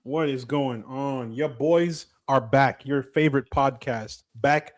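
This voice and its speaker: A young man co-hosting a casual podcast, animated and loose with slang and swearing. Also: mid-range voice, slow pace, a little hiss or hum. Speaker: podcast co-host. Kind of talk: casual chat.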